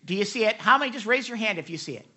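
Bright-voiced preacher, animated. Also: male voice, sits high, rapid-fire. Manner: animated, acts out quotes, laughs, many restarts. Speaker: pastor. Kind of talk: sermon. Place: church hall with live audience.

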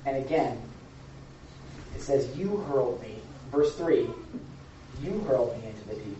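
Speaking a little slowly in a dark, mid-range voice, a preacher and Bible teacher delivers an informal sermon full of dramatic stories and conversational check-ins with his audience. The room recording sounds echoey, distant and dull, with a little hiss or hum.

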